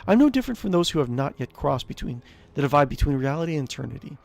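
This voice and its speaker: A man's voice: fairly high pitch, big pitch swings, quick pace, creaky, darkish tone. A man voicing a vengeful ghostly noblewoman aunt, reading her lines with cold scorn and mockery. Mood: ominous. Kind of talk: reading game dialogue aloud.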